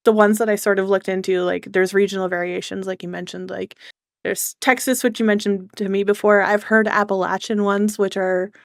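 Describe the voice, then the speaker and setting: A young woman hosts a casual chat, asking questions with lots of "like". Her mid-pitched voice sounds dry and close, with no room around it. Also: fairly even intonation, fairly quick, gravelly, no room sound. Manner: casual, heavy use of "like", curious. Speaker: VTuber host.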